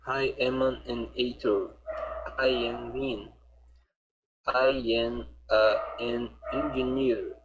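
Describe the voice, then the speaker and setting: A man's voice: mid-range voice, fairly even intonation, slow pace, muffled recording. A man in an online English class, reading practice sentences aloud carefully and a little hesitantly. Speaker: English learner. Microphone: video call.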